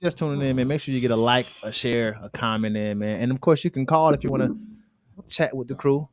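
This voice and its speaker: A man's voice: medium pitch, brisk, no echo. A young man hosting a casual podcast chat, playful and boastful, full of slang. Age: young adult. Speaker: host.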